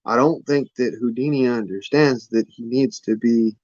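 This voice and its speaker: A man's voice: mid-range voice, moderate pace, a little mellow, no echo. A man rambling casually on his vlog in a folksy, drawling way, often swearing. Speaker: vlogger. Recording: muffled lo-fi dry sound.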